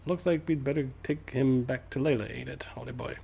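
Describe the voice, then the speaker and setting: A man's voice: medium pitch, fairly even intonation, a little fast, creaky, background noise. Man doing a brash cockney fairy. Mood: bossy. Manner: blunt slangy barking. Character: cheeky little male fairy, brash and bossy.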